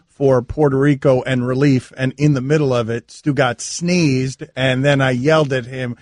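A man hosting a sports radio show, talking casually in an animated, mock-exasperated way from a studio. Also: medium pitch, moderate pace, no room sound. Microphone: studio mic.

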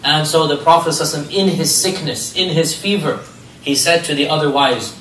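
A man's voice: fairly high pitch, fast, echoey room, far from the mic, slight background noise, low-quality recording. A man giving a religious history lecture, telling stories with rhetorical questions. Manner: animated storytelling with rhetorical questions.

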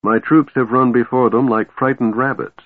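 A man voicing a cold, scheming female warlord who speaks coolly and smoothly. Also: medium pitch, steady tone, moderate pace, no room sound, voice pushed up, natural voice. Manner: cool, cutting, smooth. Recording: narrow phone-like sound, dry.

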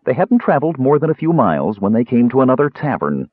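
A man narrating a fantasy story aloud in an expressive storytelling manner. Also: mid-range voice, fast, slightly rough, no echo. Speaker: audiobook narrator. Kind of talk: scripted narration. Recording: tinny phone-like sound.

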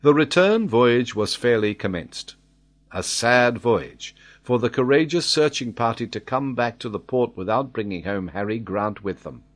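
A man narrating a classic adventure novel in a measured, steady audiobook reading. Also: mid-range voice.

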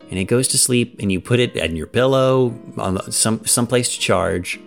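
A man's voice: on the low side, normal speed, gravelly, hardly any pauses, faint music behind. A man co-hosting a podcast in casual chat, rambling with lots of fillers and "like". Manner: rambling, filler-heavy, frequent "like". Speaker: podcast co-host.

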